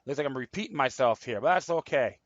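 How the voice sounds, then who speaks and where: A man's voice: mid-range voice, animated, quick pace, dry recording, highs cut off. A man hosting his own political commentary show, reading articles aloud and rambling, stumbling and repeating himself. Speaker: show host.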